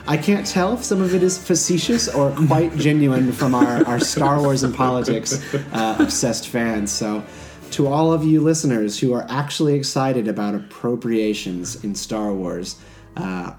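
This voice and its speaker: A man hosts a podcast in an easygoing chat, upbeat and brisk, with a mid-range voice. He speaks casually, with the odd "um" as he sets up the topic. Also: medium pitch, over music. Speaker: podcast host.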